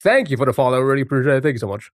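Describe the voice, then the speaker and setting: Guy streaming a word game, chats w/ viewers, greets everyone, mumbles guesses, mid pitch, dry close mic. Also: expressive, very fast, dry recording. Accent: non-American English. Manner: chatty, greets viewers, thinks aloud while guessing words. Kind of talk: casual live-stream chat.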